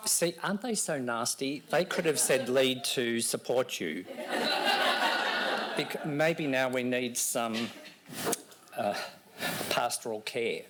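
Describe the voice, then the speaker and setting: A man's voice: medium pitch, slow pace, long pauses, very noisy. Man lecturing a live room. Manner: teasing, animated presenter. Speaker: education speaker.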